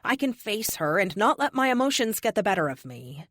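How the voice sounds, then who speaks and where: A woman narrating a first-person audiobook in an expressive, youthful, wry manner. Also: sits low, normal speed, no room sound, clean studio sound.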